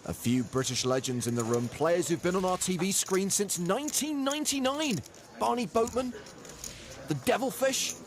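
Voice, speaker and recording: A man giving play-by-play sports commentary, brisk and lightly witty. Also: high voice, expressive.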